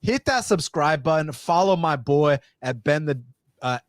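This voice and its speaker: A man's voice: on the high side, unhurried, no echo, studio quality. Hyped man hosting a fight podcast. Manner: hyped, energetic, casually profane. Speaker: podcast host. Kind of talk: casual podcast chat.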